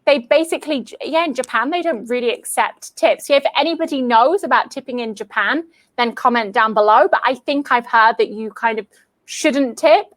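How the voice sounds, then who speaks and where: A woman's voice: fairly high pitch, a little fast, a bit bright. A British woman, an English teacher, chatting casually and lacing her talk with "like". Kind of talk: casual chat.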